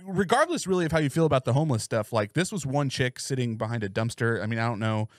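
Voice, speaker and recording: A podcast co-host chats casually, animated and profane. He has a medium-pitched voice, talks fast, and the recording is studio quality with no room sound.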